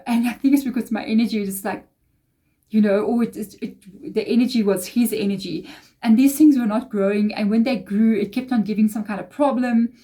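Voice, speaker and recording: Mellow-voiced woman reading tarot. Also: a little high. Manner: rambling, confiding, emotional asides. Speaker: tarot reader. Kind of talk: casual tarot reading monologue.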